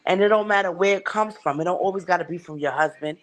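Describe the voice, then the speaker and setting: A woman's voice: on the low side, fast. A woman hosting a livestream, talking bluntly and emphatically and swearing heavily. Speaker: livestream host. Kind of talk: casual chat.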